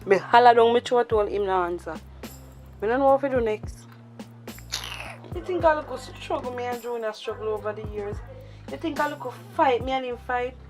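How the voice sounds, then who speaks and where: A woman's voice: on the high side, lively intonation, normal speed, music in the background, lightly acted. A woman with a Jamaican accent playing a distressed young woman afraid her boyfriend is cheating, speaking in patois with a pleading tone. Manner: pleading, emotional. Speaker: actor. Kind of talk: Jamaican patois movie acting.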